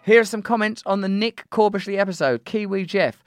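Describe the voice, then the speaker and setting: A man's voice: high voice, fairly quick, clean tone, dry recording, studio quality, faint music behind. A man hosting a podcast, reading out listener comments in a playful, teasing, theatrical way. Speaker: podcast host.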